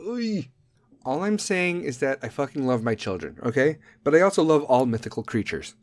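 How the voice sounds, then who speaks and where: A man's voice: very animated, brisk, dry recording. A middle-aged man hosting a podcast, ranting profanely about parenting and drifting off on tangents. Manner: profane, tangent-prone, mimics kids in high squeaky voices. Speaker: podcast host. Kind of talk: profane comedic rant.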